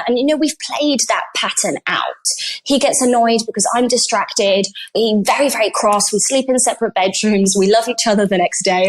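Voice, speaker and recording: A woman guest on a podcast telling a personal story in an earnest, animated way, acting out the dialogue she recounts. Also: medium pitch. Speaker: guest coach on healing. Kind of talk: conversational storytelling.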